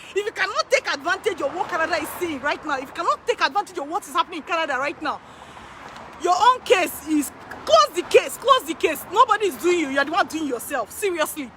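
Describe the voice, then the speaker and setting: Very high-pitched, animated woman. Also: background noise. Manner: emphatic, repeats phrases for effect; excitable, laughs often. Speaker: immigration consultant. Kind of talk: excited direct-to-camera talk. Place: in Canada.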